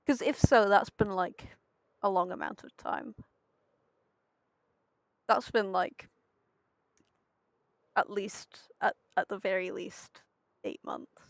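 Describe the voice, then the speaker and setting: Young woman streamer, casual gameplay chat, slow unhurried delivery with a gravelly fry, thinking out loud to viewers. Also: medium pitch, steady tone, no room sound. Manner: thinking aloud, hesitant, chatting to viewers. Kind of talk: casual commentary while playing a building game.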